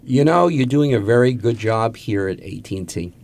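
A man quoting his stiff male corporate boss, formal and measured. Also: mid-range voice, animated, darkish tone, natural voice.

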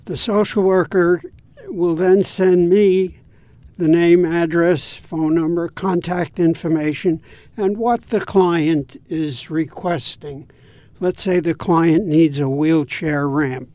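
A man speaking as a guest on an interview, explaining things in a measured, patient way. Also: on the high side, fairly even intonation, dark tone, no room sound. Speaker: guest from a home repair volunteer group. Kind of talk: interview answers.

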